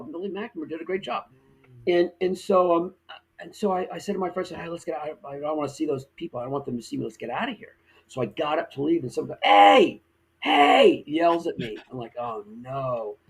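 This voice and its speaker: A man with a husky, slightly raised voice tells a story as a podcast guest. He acts out the lines of the people in it with lively energy. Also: a little high, poor audio. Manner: animated, acts out quoted dialogue. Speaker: guest actor. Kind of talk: casual storytelling.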